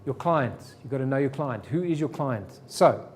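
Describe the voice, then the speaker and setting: A man's voice: mid-range voice, lively intonation, normal speed, slight background noise. A man teaching a sales seminar to a live audience, firing rhetorical questions at the room. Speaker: sales trainer.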